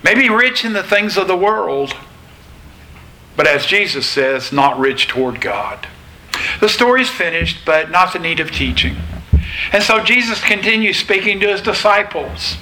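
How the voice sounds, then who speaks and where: A man preaching a sermon in a slow, deliberate way, pausing between phrases. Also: sits high, animated, bright, forceful tone, a little hiss or hum, rough recording. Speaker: pastor.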